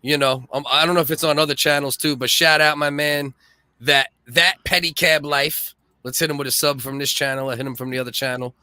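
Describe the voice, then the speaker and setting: A man's voice: a little high, fairly even intonation, brisk, sharp tone, clean tone, no room sound. A man hosting a podcast, joking and teasing his co-host in crude, profane casual chat.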